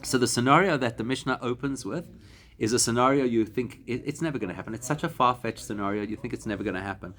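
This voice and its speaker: Man, rabbi, mid-pitched voice, Talmud class, patient explaining. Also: fairly bright tone. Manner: explanatory, slows to spell out Hebrew and Aramaic words. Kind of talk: classroom lesson to a live group.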